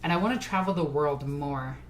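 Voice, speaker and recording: A woman's voice: sits low, brisk, a little hiss or hum. A tipsy woman streamer chatting casually with her live chat, rambling and laughing often.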